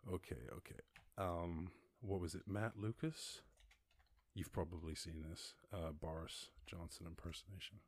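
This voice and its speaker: A man from Ireland hosting a casual livestream chat, rambling, animated and laughing often as he talks. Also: low voice, measured pace, husky. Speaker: host.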